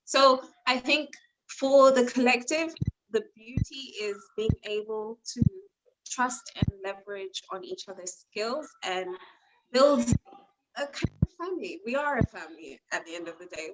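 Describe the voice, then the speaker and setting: A woman's voice: medium pitch, expressive, normal speed, heavy background noise. A woman chocolate maker answering a panel question on a video call in a casual, upbeat way.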